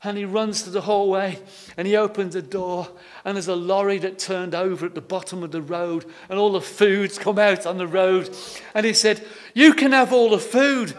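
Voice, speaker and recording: A high-voiced man preaching a sermon in an easy storytelling manner. He often repeats his words as he goes. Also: flat delivery, moderate pace. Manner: homely, anecdotal, repeats words. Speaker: pastor.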